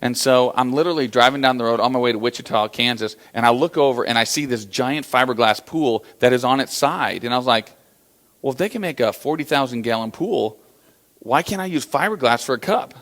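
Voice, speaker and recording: An American man delivers a motivational business keynote built on stories, speaking fairly quickly at a medium pitch. He's an animated storyteller who acts out the quotes and uses lots of fillers.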